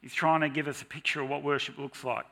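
Man preaching, middle-aged, bright tense voice, animated delivery, church sermon. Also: fairly high pitch, fast talker, creaky. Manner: animated, mock-shouting and singing to make points.

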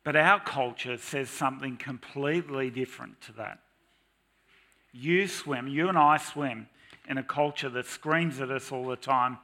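A middle-aged man preaching a sermon in church, lively and dramatic, at times mock-shouting to make his points. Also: mid-range voice, a little slow.

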